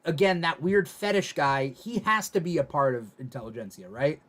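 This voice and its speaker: Man, aftershow host; slightly high voice, casual, stops and restarts mid-sentence. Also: expressive, fairly bright tone. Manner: reads viewer comments aloud, halting restarts. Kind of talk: casual panel discussion.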